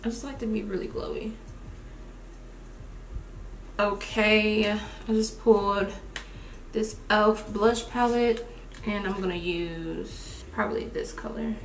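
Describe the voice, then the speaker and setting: A young woman chatting casually to viewers while doing her makeup, expressive and lively, calling them y'all. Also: mid-range voice, slow pace, pauses often, slight background noise. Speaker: beauty vlogger. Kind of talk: casual get-ready-with-me chat. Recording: roomy home recording.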